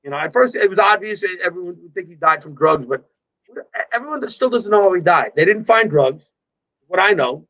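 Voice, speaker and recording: A man from New York with a high-pitched voice, talking in a loose, rambling way. He swears freely and laughs a lot while telling stories. The sound comes through a video call. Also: animated, brisk, sharp tone, rough recording. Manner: rambling, profane, laughs often. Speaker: guest musician. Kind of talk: casual livestream chat.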